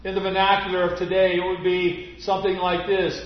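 A man preaching a sermon, speaking deliberately and stressing key words emphatically. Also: sits high, monotone. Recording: roomy, slightly dull recording.

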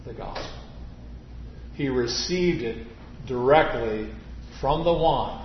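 Slow, emphatic preacher in a roomy space. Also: male voice, medium pitch, a little hiss or hum. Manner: emphatic, deliberate, with drawn-out stresses. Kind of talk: sermon. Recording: roomy, slightly dull recording.

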